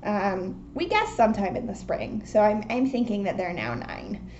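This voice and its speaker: A woman's voice: medium pitch, huge pitch swings, moderate pace, a little mellow, muffled recording. A young woman hosting a knitting podcast from home, chatting casually and rambling with lots of ums. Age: young adult. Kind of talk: casual chat. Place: home, indoors. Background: faint outdoor work noise.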